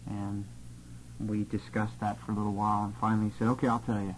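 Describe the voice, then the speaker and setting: A man telling a personal testimony of his missionary years in an earnest, steady, plain-spoken way. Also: fairly low pitch, fast talker, a little hiss or hum, rough recording.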